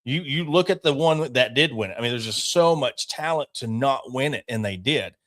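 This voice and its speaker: A man co-hosting a casual sports podcast, animated and opinionated, talking in quick bursts. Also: medium pitch. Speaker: podcast co-host.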